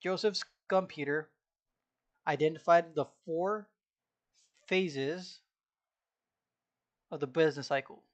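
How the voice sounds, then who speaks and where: A slightly hoarse young man in a casual study vlog, reading from a textbook and repeating phrases aloud as he memorizes them and takes notes at home. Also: fairly high pitch, slow, pauses often. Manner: mutters and repeats phrases while taking notes. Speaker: student.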